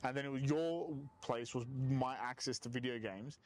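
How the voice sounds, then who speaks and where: A man in a casual chat, reminiscing in a lively way and swearing freely. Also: medium pitch, moderate pace, a little hiss or hum.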